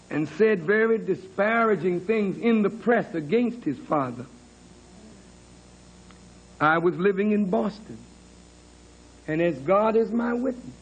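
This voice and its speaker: A man with a high voice delivers a sermon at an unhurried pace. He tells his story dramatically, sinking to hushed, low passages and then climbing to emphatic peaks. He speaks with earnest insistence on his honesty. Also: rough recording. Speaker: minister.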